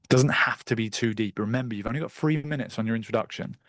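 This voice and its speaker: A man teaching a live online sales masterclass over a video call, direct and brisk, with the odd bit of crude slang. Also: mid-range voice, no echo. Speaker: sales trainer.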